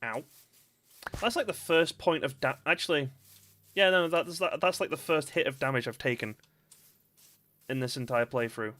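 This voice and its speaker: A man's voice: on the high side, normal speed, long pauses, a bit bright. A man giving casual, rambling commentary while streaming a game, chatting and laughing often. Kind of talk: casual let's-play commentary. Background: faint game music.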